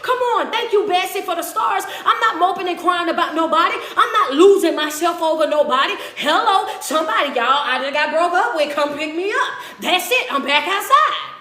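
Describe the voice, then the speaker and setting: A woman motivational speaker drives her points home with preacher-like repetition and laughing asides. Her voice sits high, and the room adds a clear echo. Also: animated, moderate pace, few pauses, sharp tone. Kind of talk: motivational speech. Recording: roomy echo.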